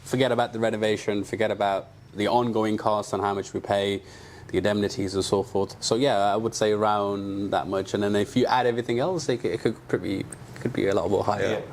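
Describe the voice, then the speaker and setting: Low-voiced man telling a story. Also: fairly quick, slight background noise. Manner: animated anecdotes with quoted dialogue and fillers. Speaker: aesthetic doctor, clinic co-founder. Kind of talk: casual interview storytelling.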